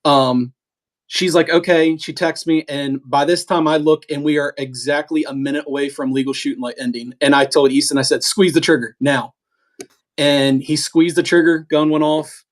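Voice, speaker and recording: Man, middle-aged, casual storytelling, slightly high voice, animated, stumbles and restarts. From eastern United States. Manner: animated, halting with restarts, acts out quoted talk. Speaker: podcast co-host telling a hunting story.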